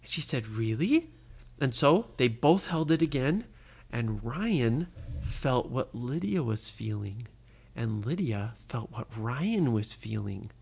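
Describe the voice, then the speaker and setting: A parent improvising a bedtime story for a child, expressive and pausing to ask the listener questions. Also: medium pitch, creaky, husky.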